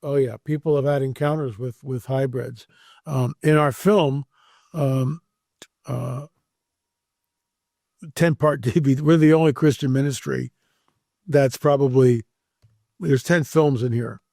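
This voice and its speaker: Man, gravelly and mellow, animated storyteller, dry studio sound. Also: mid-range voice, a little slow, long pauses, no echo. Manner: animated storyteller, acts out quoted dialogue. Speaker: guest researcher. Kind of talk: interview storytelling.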